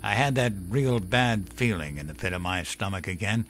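A man voicing a gruff old male storyteller who drinks, talking in a folksy, profane, chuckling way. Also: fairly low pitch, expressive, moderate pace, a bit bright, a little hiss or hum. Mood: gruff storytelling.

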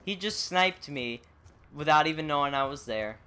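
A man's voice: a little high, lively intonation, normal speed, sharp tone, clean tone. A teenage boy hosting a gaming video, exclaiming and complaining as he plays with a friend. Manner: exclaiming, complaining about lag. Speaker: gaming channel host. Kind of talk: casual gaming banter. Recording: faint noise with clicks.

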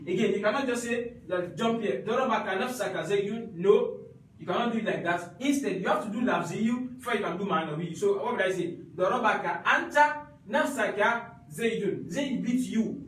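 A man's voice: high voice, fairly bright tone, very echoey, far from the mic, a little hiss or hum, poor audio. A man teaching an Arabic grammar class, repeating each point and checking that students follow.

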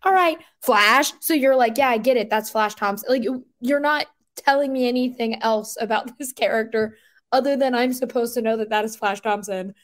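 A woman chatting casually on a podcast, rambling and animated, with lots of filler words and incredulous outbursts. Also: a little high, brisk.

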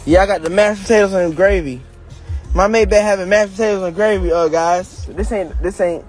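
A young man chatting casually to camera during a car delivery at his house, excitable and boastful, repeating himself. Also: high voice, fairly quick, soft background music. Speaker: rapper showing off a new car delivery.

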